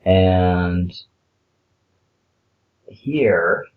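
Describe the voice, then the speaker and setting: A man's voice: deep voice, extremely slow, narrow, tinny audio. A man talking through a math worksheet in a casual screencast lesson, explaining step by step with filler words. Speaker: math teacher.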